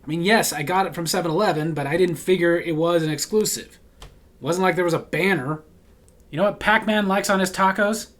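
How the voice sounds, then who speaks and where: A man hosting a casual comment-reading show, answering viewer comments with deadpan jokes and dramatic readings. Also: sits high, a little fast. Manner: deadpan, jokey, reads comments aloud with dramatic flair; laughs at his own jokes.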